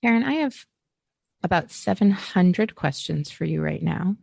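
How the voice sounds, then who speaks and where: A woman hosting a podcast interview, asking measured, thoughtful questions. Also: on the low side, expressive, creaky, darkish tone, dry recording, studio quality. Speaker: podcast host.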